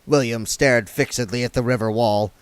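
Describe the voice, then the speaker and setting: A man reading a novel aloud with expressive narration. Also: mid-range voice, moderate pace, clean tone, dry recording. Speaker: audiobook reader. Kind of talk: book read aloud.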